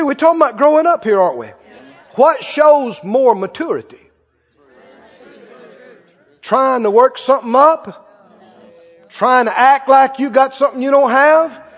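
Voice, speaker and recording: A man preaching a sermon, telling a story in a folksy, animated way. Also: extremely high pitch. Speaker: pastor. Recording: dull recording in a reverberant hall.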